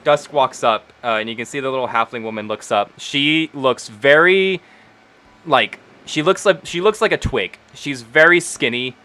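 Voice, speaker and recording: A man's voice: medium pitch, moderate pace, pushed and bright. A man narrating as game master in a tabletop role-play, casual and loose with many fillers. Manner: casual, with many ums and likes.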